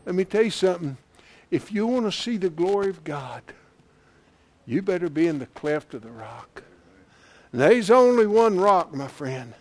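High-voiced preacher building to shouts. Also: male voice, expressive, a little slow. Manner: builds to loud impassioned shouting, with chuckles. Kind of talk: sermon.

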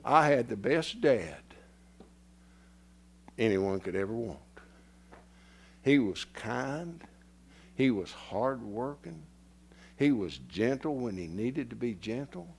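A male preacher telling a story in a sermon, folksy and direct with his listeners, dropping to hushed whispers and rising to loud impassioned preaching. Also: medium pitch, lively intonation, slow, creaky, pauses often, breathy edge.

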